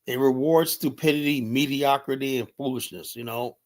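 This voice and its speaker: A man's voice: mid-range voice, fairly even intonation, moderate pace, a little mellow. Middle-aged male streamer, mid-range voice, rambling profane rants, leans on "you know" constantly. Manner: blunt and heated. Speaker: livestream host. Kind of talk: unscripted livestream commentary.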